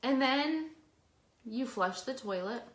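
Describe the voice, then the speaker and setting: A woman's voice: high-pitched, slow pace, reverberant. A woman co-hosting a casual chat show, telling embarrassing stories and acting out the scenes as she goes. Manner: animated storyteller, acts out scenes. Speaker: podcast co-host.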